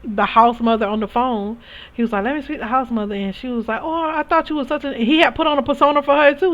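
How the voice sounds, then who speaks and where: A young woman who works as a spiritual reader shares her own experiences in casual storytelling, candid and emphatic, often restarting sentences. Her voice is high-pitched and a bit bright, captured on a dull lo-fi recording.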